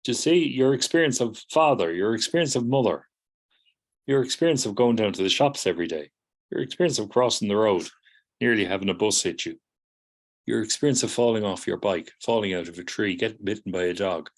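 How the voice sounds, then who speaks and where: A man's voice: on the low side, brisk. Man lecturing, repeating "do you see?". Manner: acts out students' replies in quoted voices. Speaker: psychotherapy teacher. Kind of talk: lecture to students.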